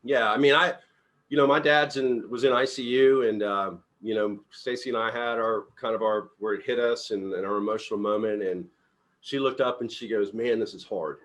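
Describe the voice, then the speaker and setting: A middle-aged company CEO with a lowish voice leads a team meeting at a moderate pace. His casual motivational talk is upbeat and animated, and he acts out the dialogue in his personal stories.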